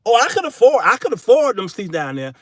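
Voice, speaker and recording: Animated, high-voiced male host. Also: fast, dry recording, studio quality. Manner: preachy, then comic storytelling with shouted punchlines; folksy, casual speech. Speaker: show host. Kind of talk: solo commentary monologue.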